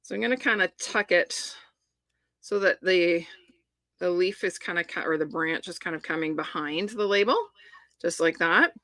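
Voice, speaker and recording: A woman's voice: lowish voice, moderate pace, bright, forceful tone, no echo. Middle-aged lady talking thru a card-making demo, chatty and upbeat, dry close sound. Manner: chatty, enthusiastic, talks while working. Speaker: papercraft demonstrator. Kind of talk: live crafting demonstration.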